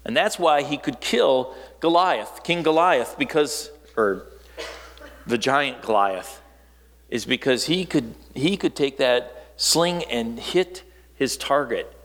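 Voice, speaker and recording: A man from northern Wisconsin preaching a sermon in a conversational, storytelling way, dropping low and quiet for emphasis. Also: lively intonation, slow pace, in a large hall.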